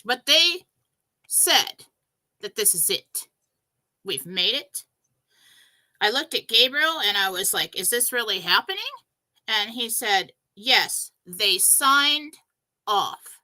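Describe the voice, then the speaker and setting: Bright-voiced woman telling an excited story. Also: on the high side, slow pace, long pauses, low-quality recording. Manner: breathless, emphatic, animated retelling. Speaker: show host.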